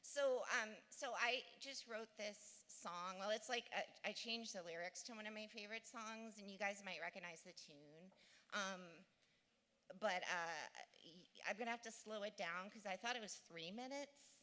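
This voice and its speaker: Female reader, hesitant, bright tone, reverberant live venue. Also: mid-range voice, normal speed. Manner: hesitant, filler-heavy. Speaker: reader performing a parody song. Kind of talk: nervous stage chatter. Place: bar stage.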